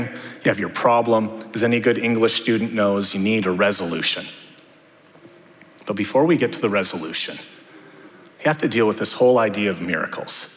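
A man's voice: lowish voice, a bit bright. A man preaching a sermon, talking to the congregation in a conversational way with many rhetorical questions. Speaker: pastor. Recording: long hall reverb.

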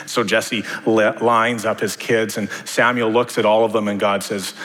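A man's voice: medium pitch, fairly even intonation, normal speed, hardly any pauses, fairly bright tone. A man preaching a sermon, talking to the congregation in a conversational way with many rhetorical questions. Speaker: pastor. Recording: long hall reverb.

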